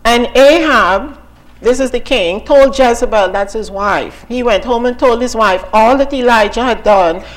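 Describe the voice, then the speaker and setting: A woman's voice: on the high side, measured pace, low-quality recording. A woman giving an informal sermon and testimony as a Bible teacher, talking conversationally with many asides and questions to her listeners.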